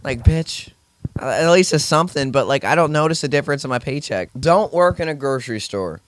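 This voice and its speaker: A man's voice: a little high, expressive, brisk, no room sound. Young man ranting profanely. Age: young adult. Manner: profane, sarcastic, rambling. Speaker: grocery store worker venting. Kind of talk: casual rant to camera.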